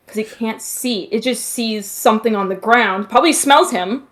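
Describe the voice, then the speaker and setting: A woman's voice: on the high side, normal speed, fairly bright tone. A woman guest in a casual podcast chat, blunt and swearing freely as she gives her opinions.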